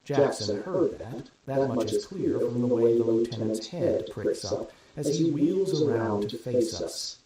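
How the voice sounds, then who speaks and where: A man narrating a first-person story at a steady, even storytelling pace. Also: medium pitch, unhurried, few pauses. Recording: very echoey room with crowd noise.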